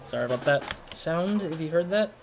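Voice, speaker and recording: A man's voice: on the high side, lively intonation, normal speed, vocal fry. A man commentating on his game play in a rambling, self-conscious way. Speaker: gamer commentator. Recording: siren noise behind voice.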